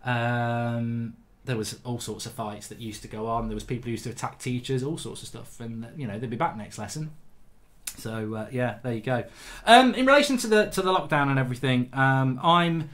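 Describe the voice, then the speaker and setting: A man's voice: medium pitch, moderate pace. Tired man telling a rowdy story. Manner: animated anecdotes with loud acted-out quotes. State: fatigued. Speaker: host. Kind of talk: casual storytelling to viewers.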